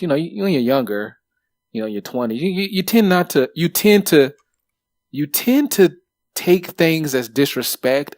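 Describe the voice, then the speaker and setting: A man in his thirties co-hosting a podcast, telling stories in a lively way with plenty of swearing and fillers. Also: mid-range voice, dry recording. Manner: animated, swears freely, lots of fillers. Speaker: podcast co-host. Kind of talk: casual chat, storytelling.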